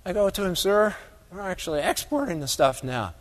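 A man's voice: sits high, very animated, brisk. A man giving a humorous, folksy keynote talk on agricultural economics to a live audience, full of stories and asides. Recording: long hall reverb.

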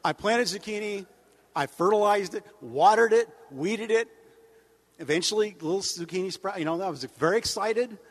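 Male humorist, high voice, deadpan and wry, speaking in a long-reverb hall. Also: normal speed. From United States. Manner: deadpan, wry, rambling asides with mock-outraged jumps in pitch. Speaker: humorist giving a speech. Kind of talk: stand-up style speech to an audience.

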